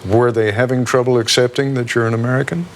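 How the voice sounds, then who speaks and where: A male interviewer fires off quick, direct questions from a distance from the mic. Clear noise runs behind his voice. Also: medium pitch, fairly even intonation.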